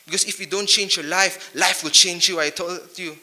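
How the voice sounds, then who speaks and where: A man's voice: high-pitched, steady tone, normal speed, sharp tone. A man giving a motivational speech to youth, punchy and emphatic, full of rhyming wordplay, into a handheld mic. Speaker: motivational speaker.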